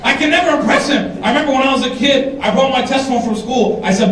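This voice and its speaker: A man doing stand-up comedy, animated and teasing the audience, sometimes shouting his punchlines. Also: extremely high pitch, fast, few pauses. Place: large hall with a live audience. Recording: echoey hall, distant mic, crowd.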